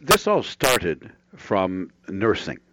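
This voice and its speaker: A man's voice: low-pitched, wildly swooping pitch, slow pace, sharp tone, no echo. A man, the show's producer, wisecracking and chiming in from the studio. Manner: wisecracking, interjecting. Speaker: radio producer. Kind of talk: radio talk show banter. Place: radio studio.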